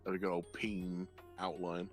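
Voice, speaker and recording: A man's voice: low voice, little pitch movement, measured pace. A man co-streaming in casual chat, laid-back and joking. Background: background music.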